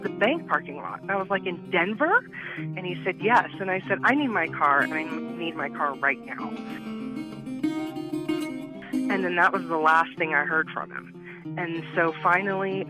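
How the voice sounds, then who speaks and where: A woman, an interview guest, retelling what happened to her in conversational storytelling, acting out the back-and-forth of quoted exchanges. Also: low-pitched. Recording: muffled lo-fi line, dry.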